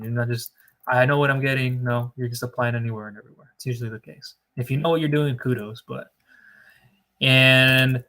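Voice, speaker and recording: A man's voice: mid-range voice, fairly bright tone. A man giving emphatic, lecturing advice straight to camera on business funding, stretching words out for stress. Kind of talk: direct-to-camera advice monologue.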